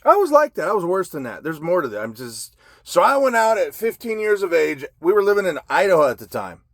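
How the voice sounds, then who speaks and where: Blunt cursing man, fairly high voice, swinging pitch, dry close sound, confessional monologue. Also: very animated, brisk, fairly bright tone, no room sound. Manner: heavy profanity, blunt and agitated. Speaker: vlogger telling his life story.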